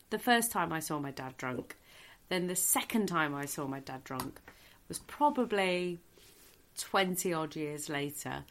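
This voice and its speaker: A middle-aged woman, a comedian guest telling a comic anecdote in a podcast chat and laughing through it. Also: on the low side. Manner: lively storyteller, laughs through her own story.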